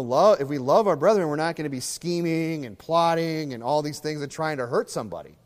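A pastor delivering a conversational sermon, acting out little scenes in other voices. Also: male voice, fairly high pitch, darkish tone, big-room sound.

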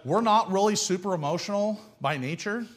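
Male preacher, high voice, folksy and blunt, pounds points home with rhetorical questions. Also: expressive, fairly quick. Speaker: pastor. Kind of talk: sermon.

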